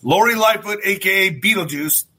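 A man hosting his own talk show, ranting loosely in a loud, swearing style with sudden shouts. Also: sits high, normal speed, breathy edge, poor audio. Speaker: host. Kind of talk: opinionated talk show monologue.

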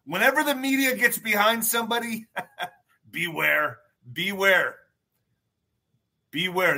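Emphatic bright-voiced man hosting a stream. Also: high-pitched, slow, long pauses. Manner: emphatic, repeats phrases; swears freely. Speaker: show host. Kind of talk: casual livestream talk.

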